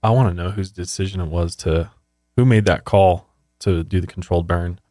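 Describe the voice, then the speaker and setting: A man with a very low voice talks as a podcast co-host, blunt and indignant, cursing freely. His sound is dry and close, with no room around it. He speaks in a casual, conversational way. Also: steady tone, moderate pace, warm tone, no echo. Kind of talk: casual chat.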